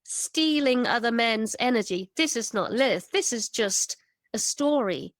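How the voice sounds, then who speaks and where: Brief: woman guest, lively emphatic storyteller, slightly high voice, close and dry. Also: a little slow, dry recording. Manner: animated, vivid storytelling with emphatic lists. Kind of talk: casual storytelling conversation.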